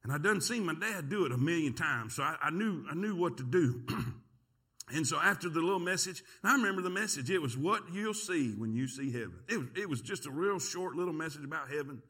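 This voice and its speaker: Animated bright-voiced male pastor preaching. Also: on the high side, a little fast, slightly rough. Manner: animated, folksy, talks to the congregation. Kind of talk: sermon with storytelling. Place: church sanctuary.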